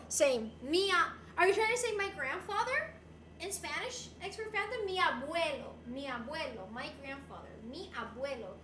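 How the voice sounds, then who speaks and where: A woman's voice: high-pitched, fairly bright tone, roomy sound, slight background noise. A young woman streaming live, chatting playfully with her viewers and switching between English and Spanish. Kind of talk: casual live-stream chat.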